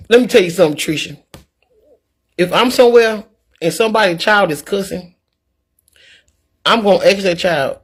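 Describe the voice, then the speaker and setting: A woman talking casually to her viewers in a vlog, in an animated, preachy, folksy way. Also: medium pitch, moderate pace, long pauses, slightly rough. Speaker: vlogger. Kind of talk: casual talk to camera.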